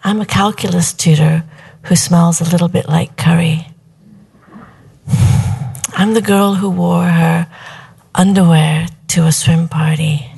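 A young woman telling a personal story live, animated, slipping into hushed whispered asides. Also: on the low side, a little slow, gravelly, long pauses, husky.

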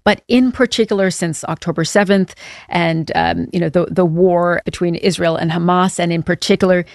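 A woman political correspondent giving measured, explanatory news analysis with occasional fillers. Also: fairly low pitch, fairly even intonation, vocal fry, no echo, studio quality.

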